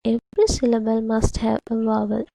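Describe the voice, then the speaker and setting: A woman teacher speaks slowly and patiently to young pupils, sounding out words syllable by syllable. Her voice sits a little high, with a gravelly edge. The sound is dry and close, with a dark, mellow tone. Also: flat delivery, no room sound, rough recording. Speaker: primary English teacher. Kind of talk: slow, deliberate classroom instruction to children.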